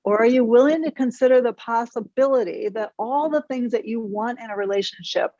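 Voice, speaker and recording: A woman's voice: on the high side, a little fast, warm tone, no echo, muffled recording. A woman therapist speaking as a guest on a podcast, talking frankly and energetically with some mild swearing. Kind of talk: podcast interview.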